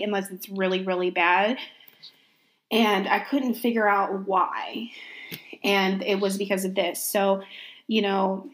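A young woman speaks candidly about her own life in a casual, unscripted way. She sounds reflective, restarting her sentences and using plenty of "you know" as she works through her thoughts. Her voice sits at an ordinary middle pitch for a woman. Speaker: vlogger sharing a personal story. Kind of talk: casual personal storytelling.

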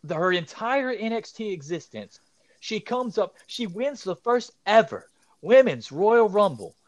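A young man co-hosting a casual wrestling podcast, excitable and profane, ranting his opinions. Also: high voice, unhurried, no echo, lo-fi sound. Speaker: podcast co-host.

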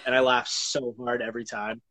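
A man's voice: mid-range voice, flat delivery, bright, forceful tone. Hesitant man in casual chat. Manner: hesitant, halting, many fillers.

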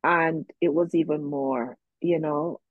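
A woman's voice: low voice, steady tone, takes it slowly, no room sound, narrow, tinny audio. A woman guest in an interview, telling a personal story in a reflective way, with many fillers, and quoting herself and others.

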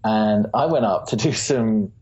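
A man with a husky voice, an easygoing guest in a casual interview who laughs often. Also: fairly low pitch, unhurried, darkish tone. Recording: dull lo-fi recording.

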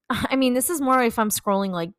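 A woman's voice: on the high side, moderate pace, a bit bright, clean tone, no echo. A young woman co-hosting a podcast, chatting casually and enthusiastically, with lots of filler words. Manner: enthusiastic, gushing, many fillers. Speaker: podcast co-host, content creator. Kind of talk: casual chat.

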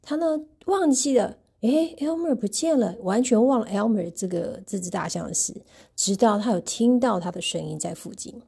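Woman reading a children's book aloud, gravelly, husky, dark tone. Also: mid-range voice, moderate pace. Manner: gentle, expressive, retells each page. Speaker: storybook reader. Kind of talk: bilingual picture book read-aloud.

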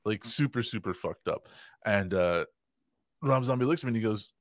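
A man in his twenties with a lowish, animated voice tells a story on a podcast at normal speed, recorded in studio quality with no echo. The casual chat is full of his laughter and free swearing, and he acts out what other people said.

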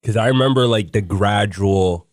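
Excited man in casual podcast chat. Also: fairly low pitch, normal speed. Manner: excited, loose, swears casually. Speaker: podcast co-host.

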